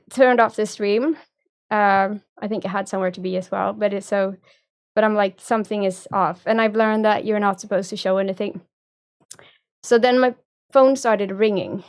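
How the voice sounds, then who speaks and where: A woman's voice: mid-range voice, smooth. A young woman streamer, telling a story in a rambling, casual way and swearing freely. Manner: rambling, profane, laughs often.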